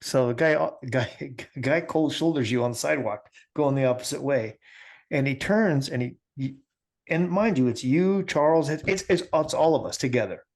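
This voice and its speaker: Podcast host, animated storyteller. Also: male voice, medium pitch, normal speed, vocal fry. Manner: animated storyteller, laughs often. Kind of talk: casual chat.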